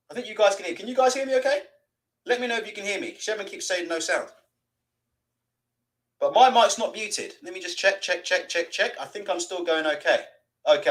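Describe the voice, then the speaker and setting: Man, livestream host, swearing rant, high voice, wide swings in pitch. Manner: animated, swears freely, mocking put-on voices. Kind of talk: live-stream rant and comment reading.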